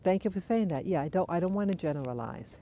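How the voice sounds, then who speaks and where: A woman with a lowish, mellow voice talks thoughtfully into her phone while out walking her dogs. She has a runny nose and answers viewers' comments in an easygoing live-stream chat. Faint outdoor ambience sits behind her. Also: lively intonation, quick pace, a little hiss or hum. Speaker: livestream host. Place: outdoors on a dog walk.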